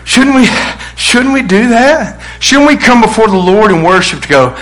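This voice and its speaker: A middle-aged male pastor preaching a sermon, animated, acting out quotes with bursts of shouting. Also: sits high, normal speed, poor audio.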